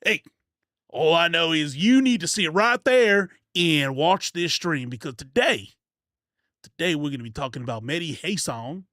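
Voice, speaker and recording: A man playing a hyped-up Southern country streamer character, with a put-on Southern accent and a loud, brotherly manner. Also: on the high side, animated, normal speed, dry recording, studio quality.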